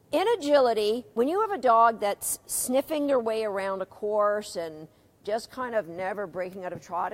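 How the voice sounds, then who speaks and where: A middle-aged woman teaching a live dog agility seminar, chatty, asking her students questions and reading out their comments. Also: fairly high pitch.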